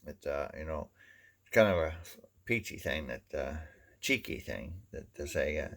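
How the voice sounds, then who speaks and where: A man's voice: very deep voice, expressive, moderate pace, vocal fry, a bit bright. A man from Maine with a Maine accent, rambling through a casual folksy monologue, full of "you know" and restarts. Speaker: vlogger.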